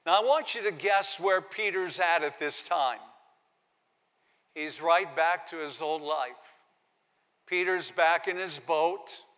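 Pastor guy preaching, kinda high voice, punches the quotes, big echoey hall. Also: slow pace, fairly bright tone. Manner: preaching, reads scripture aloud with dramatic emphasis. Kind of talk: sermon.

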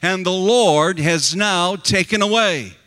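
A man preaching voices a suffering older man who accepts his losses, speaking solemnly and slowly. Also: high-pitched, sharp tone, in a large hall, full character voice.

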